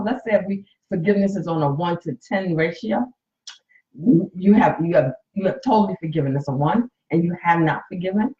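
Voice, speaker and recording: A woman's voice: medium pitch, a little mellow. Woman, late fifties, coach and nurse talking openly to viewers on her phone; roomy, slightly muffled sound. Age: 50s. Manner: candid and emotional, speaks to viewers directly. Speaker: coach and nurse hosting a live stream. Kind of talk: casual live-stream talk.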